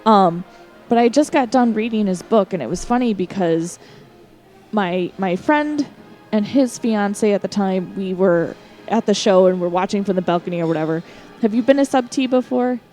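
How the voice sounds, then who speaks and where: A young woman co-hosting a podcast, telling stories in an animated, casual way and swearing often. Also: mid-range voice, normal speed, faint music behind. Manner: animated, profane storytelling. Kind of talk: casual chat.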